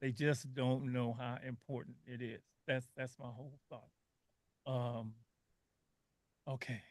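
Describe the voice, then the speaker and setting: A man's voice: medium pitch, little pitch movement, a little slow, a little mellow, dry recording. An older man hosting a radio talk show, telling stories in an emotional, earnest way with frequent restarts.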